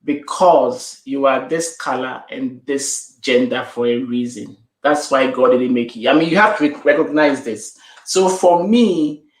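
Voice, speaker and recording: A woman's voice: a bass voice, echoey room. A middle-aged woman speaking as an interview guest in an emphatic, repetitive, affirming way. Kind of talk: interview conversation.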